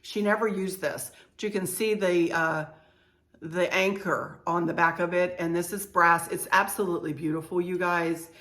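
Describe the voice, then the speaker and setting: A woman's voice: lowish voice, steady tone, moderate pace, fairly bright tone. A woman in her sixties chatting casually as she shows off purchases and family heirlooms at home, gushing about everything being cute. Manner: chatty, gushing, frequent "you know" and "cute". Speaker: home decor vlogger. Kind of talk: casual show-and-tell vlog. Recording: echoey room.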